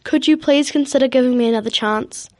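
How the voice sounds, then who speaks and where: A woman's voice: high voice, a little fast, a little mellow, lightly acted. A woman voicing a young Viking girl who pleads sweetly in a storybook reading. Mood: pleading.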